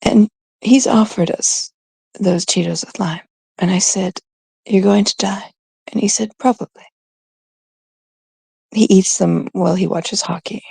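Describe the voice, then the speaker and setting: A woman's voice: mid-range voice, fairly even intonation, unhurried, gravelly, pauses often, warm tone, breathy edge, dry recording. A middle-aged woman with a Canadian accent, hosting a livestream in casual, rambling chat with viewers, cursing freely. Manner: profane and rambling. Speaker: livestream host.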